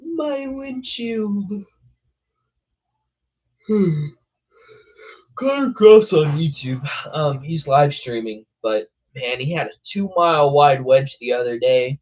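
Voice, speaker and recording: A man's voice: medium pitch, unhurried, lo-fi sound. A young man hosting a weather show, chatting casually on a live stream, laughing often and calling people bro. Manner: laid-back, laughing, says bro a lot.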